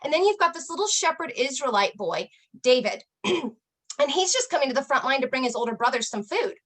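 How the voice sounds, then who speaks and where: A woman's voice: high voice, sing-song, fairly quick, fairly bright tone. A middle-aged woman, a health coach, giving a motivational talk and telling a story earnestly, with emphatic repetition.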